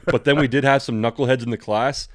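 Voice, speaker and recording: A man from California with a General American accent, co-hosting a podcast in a relaxed, profane, rambling way. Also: medium pitch, quick pace, no echo, studio quality. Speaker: podcast co-host. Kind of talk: casual chat.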